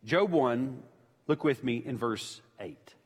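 A man's voice: mid-range voice, expressive, slow pace, breathy edge. A man preaching a sermon as pastor, emphatic and repeating his key points for weight. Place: church sanctuary. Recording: long church-hall reverb.

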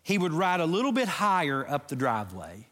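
Middle-aged pastor guy, kinda high voice, telling stories then praying earnestly, long reverb in the church. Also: huge pitch swings, a little fast, fairly bright tone. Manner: storytelling, earnest, prayerful. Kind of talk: sermon and prayer.

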